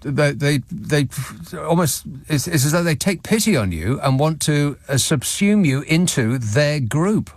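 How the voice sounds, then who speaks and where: A man's voice: fairly high pitch, lively intonation, measured pace, no room sound. A man hosting a radio show, reading out listener messages with dry, sardonic asides from a studio microphone. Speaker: radio talk show host.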